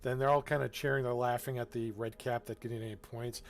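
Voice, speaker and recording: A man acting as game master, narrating a tabletop game in a relaxed way, often chuckling and filling his talk with ums and uhs. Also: medium pitch, quick pace, creaky, few pauses, soft background music. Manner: relaxed, chuckling, with filler-heavy asides.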